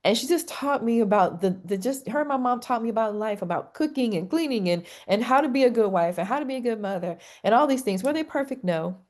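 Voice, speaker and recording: A woman's voice: fairly high pitch, lively intonation, fast talker, hardly any pauses, darkish tone. A middle-aged woman, a counselor, speaking as a podcast guest in an earnest, heartfelt way. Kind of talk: conversational interview.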